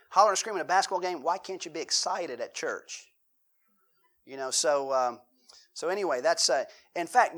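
A man's voice: fairly high pitch, fairly bright tone. A male pastor preaching a sermon in a conversational way, mixing joking asides with questions to the congregation.

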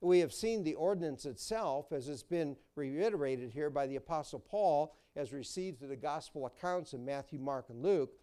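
A man's voice: on the high side, lively intonation, normal speed, few pauses, mellow, smooth. A man preaching a sermon as pastor, folksy and storytelling. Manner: folksy, storytelling, repeats words.

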